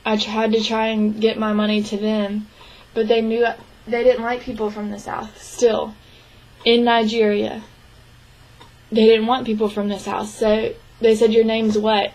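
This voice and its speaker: A young woman interpreting a signed interview into spoken English, speaking in short, halting phrases with restarts and frequent throat clearing. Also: fairly high pitch, completely flat delivery, darkish tone, poor audio. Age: young adult. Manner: clears her throat often. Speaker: sign language interpreting student.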